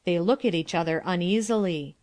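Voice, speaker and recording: A woman reads stage directions in an even, matter-of-fact way. Her voice is on the low side. The sound is dry and close. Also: brisk, dry recording. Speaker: narrator reading stage directions. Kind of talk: plain audiobook reading.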